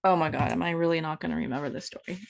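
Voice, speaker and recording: A woman in her fifties vlogs in a low, creaky voice, talking very fast. She wanders through an unscripted, rambling monologue, playful and quick to make fun of herself.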